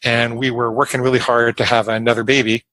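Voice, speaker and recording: A man's voice: mid-range voice, little pitch movement, a little fast, bright, forceful tone, a little hiss or hum, lightly acted, rough recording. A man speaking as his remorseful mother, confessing in a confessional manner. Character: anxious grieving mother recalling the past.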